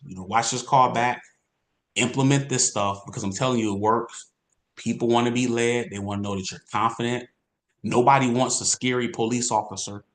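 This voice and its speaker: A man giving an energetic, repetitive sales training talk as an insurance coach. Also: medium pitch. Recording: roomy echo.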